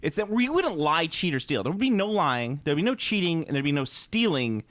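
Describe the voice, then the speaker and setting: A man's voice: a little high, sing-song, a little fast, fairly bright tone, no room sound. A man co-hosting a gaming podcast in casual, joking chat, often restarting his sentences. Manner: chatty, joking, trails off into restarts. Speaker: podcast co-host.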